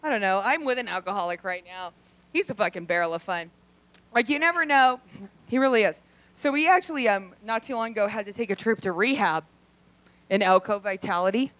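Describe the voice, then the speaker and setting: Female stand-up comic, profane and brash, with loud outbursts; animated, higher-pitched delivery. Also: no echo. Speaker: stand-up comedian. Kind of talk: stand-up comedy set. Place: comedy club stage.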